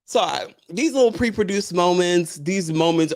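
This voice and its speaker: A man with a high voice hosts a casual reality TV recap at a moderate pace. He's chatty and animated, frequently laughing as he reads viewer comments out loud.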